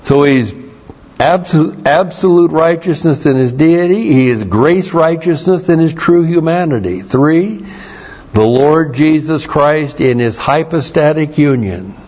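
A man preaching a Bible teaching sermon, explaining Greek words slowly and spelling them out letter by letter. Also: a little high, a little mellow. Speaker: pastor. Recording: dull lo-fi sermon recording.

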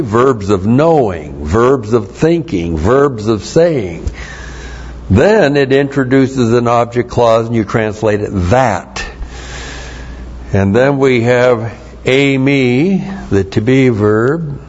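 Slow, deliberate preacher man, lo-fi. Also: mid-range voice, animated, a little mellow, slightly rough. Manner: slow, deliberate, spells out Greek words letter by letter. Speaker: pastor. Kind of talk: expository Bible teaching sermon. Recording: dull lo-fi sermon recording.

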